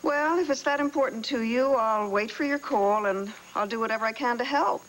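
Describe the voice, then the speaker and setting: A woman's voice: on the high side, brisk, fairly bright tone, slight background noise, close to an everyday voice, low-quality recording. An actress playing a polite, evasive woman who hedges with many fillers, in 1980s soap opera style. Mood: amused. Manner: hesitant, hedging with fillers.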